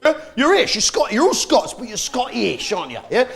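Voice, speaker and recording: A man's voice: very high voice, huge pitch swings, a little fast, creaky, a bit bright. A man doing a brash stand-up comedy routine, full of rhetorical questions, with a crowd heard behind. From England. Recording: live comedy club crowd.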